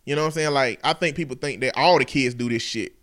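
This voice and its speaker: A man's voice: medium pitch, fast, a bit bright. A middle-aged man hosting a casual talk show, telling stories with profane, emphatic talk. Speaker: podcast host. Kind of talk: casual chat.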